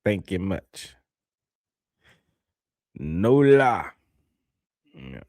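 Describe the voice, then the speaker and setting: A man's voice: low-pitched, sing-song, very slow, a little mellow, no room sound, studio quality. A man hosting a livestream, telling a story in a laid-back, rambling way and reading viewer comments aloud. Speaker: livestream host. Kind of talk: casual livestream chat.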